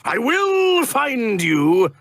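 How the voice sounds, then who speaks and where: Game casting: scheming snake-oil peddler, slow and bright, with a gravelly edge. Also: male voice, very high-pitched, huge pitch swings, no echo, full character voice. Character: sly male snake-oil salesman.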